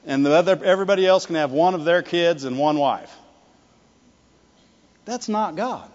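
A male preacher giving an animated sermon, swinging between loud declarations and hushed asides, often laughing and calling for the congregation's response. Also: fairly high pitch, normal speed, long pauses. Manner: laughs often, calls for "Amen" and "Right". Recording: dull lo-fi sound with long hall reverb.

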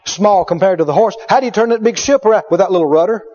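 A high-pitched, middle-aged male preacher delivers a story-driven sermon and hammers phrases home by repeating them. The recording sounds dull and lo-fi. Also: fast talker, a little mellow. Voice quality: emphatic, repetitive storyteller.

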